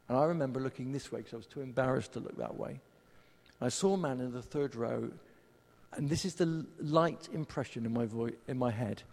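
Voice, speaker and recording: A man's voice: medium pitch, creaky, darkish tone. A man preaching a sermon and leading prayer, conversational with self-deprecating humour. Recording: long hall reverb.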